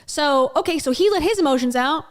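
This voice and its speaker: A woman's voice: sits high, animated, brisk. A woman giving blunt, sarcastic reaction commentary on a clip she is playing. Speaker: commentary YouTuber.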